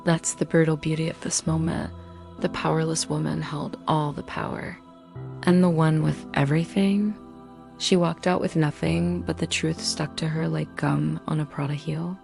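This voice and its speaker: A woman's voice: sits low, little pitch movement, normal speed, gravelly, a little mellow, faint music behind. A woman narrating a scripted dramatic story in punchy short sentences.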